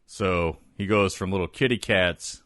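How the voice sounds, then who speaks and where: A man hosting a casual comedy podcast, telling a story in an animated way, swearing and laughing often. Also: low-pitched, a little slow, no room sound, studio quality.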